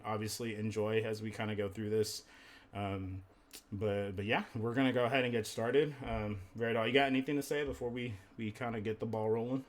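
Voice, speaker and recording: A man hosting a casual live gaming podcast, rambling loosely with lots of filler words and casual swearing. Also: fairly low pitch. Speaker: podcast host and streamer.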